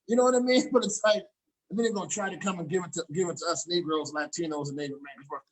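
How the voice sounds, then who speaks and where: A man's voice: high-pitched, very fast, low-quality recording. A man hosting a casual talk show over a video call, ranting in a profane, heated way and often repeating himself. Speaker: show host.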